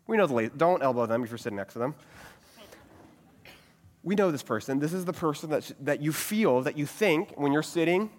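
A man giving a sermon-style teaching talk, asking many rhetorical questions and repeating a catchphrase. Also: on the high side. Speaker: pastor teaching a group. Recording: long reverb of a hall.

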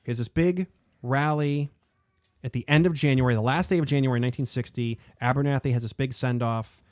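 A man hosting a casual history podcast, talking in an animated, rambling way with lots of fillers. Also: medium pitch, a little fast, no room sound, studio quality. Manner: animated, digressive, frequent fillers. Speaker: podcast host.

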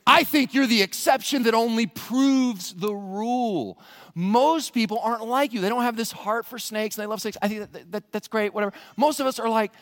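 A pastor preaches in a high, lively voice that swings widely in pitch. He is jokey and animated and often breaks into loud shouts. A long church reverb trails each phrase. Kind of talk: sermon. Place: church sanctuary.

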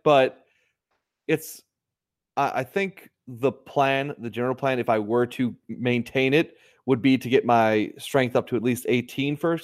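A man co-hosting a podcast, rambling in relaxed casual chat and often restarting his sentences. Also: medium pitch, clear, resonant tone. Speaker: podcast co-host.

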